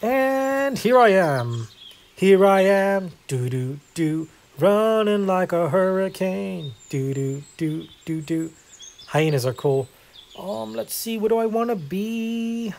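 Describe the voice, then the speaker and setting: A man's voice: high voice, lively intonation, slow pace, gravelly, a little mellow, slight background noise. A man hosting a casual gameplay video, chatting in a rambling, self-deprecating way with lots of fillers. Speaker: gaming video host.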